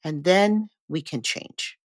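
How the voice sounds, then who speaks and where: A woman co-hosting a podcast, explaining her view in a calm, measured, reflective way. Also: low voice, dry recording, studio quality. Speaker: podcast co-host. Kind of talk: reflective conversational talk.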